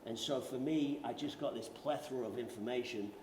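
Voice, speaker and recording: Fairly quick and mid-range, with a darkish tone, this London-accented British man is an actor telling casual, jokey, self-deprecating stories on a veterans' conference panel. The conference hall adds a roomy echo with faint noise.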